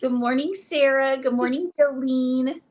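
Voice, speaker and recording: A woman's voice: high voice, a little slow, a little mellow. A woman co-hosting a casual crochet livestream, cheerfully greeting viewers by name and chatting about her projects.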